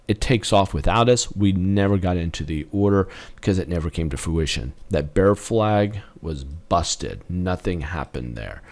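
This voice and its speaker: A man with a fairly low voice talks viewers through price charts as a trading lesson. His pitch swings widely as he gets excited, and he punctuates each move with sound effects. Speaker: trading educator.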